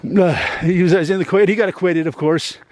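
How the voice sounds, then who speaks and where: A man's voice: sits high, steady tone, a little fast, darkish tone. A man venting to his YouTube audience in a rambling, heavily profane monologue, ending many lines with "man.".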